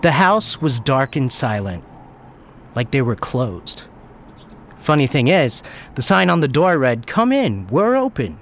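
A man telling a first-person story with a lively, wry delivery. His pitch rises and falls a lot as he narrates. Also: a little slow, pauses often, slight background noise.

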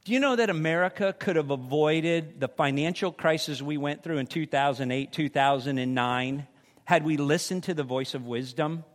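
A man with a high voice preaches a sermon in a church sanctuary. He is animated and slips into the voices of the people in his examples. His voice rings out with a long hall reverb. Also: normal speed.

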